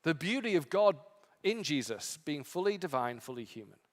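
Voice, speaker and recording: A male pastor preaching a sermon with impassioned emphasis, swinging from strong peaks to quiet, low passages. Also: big pitch swings, normal speed, big-room sound. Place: church sanctuary.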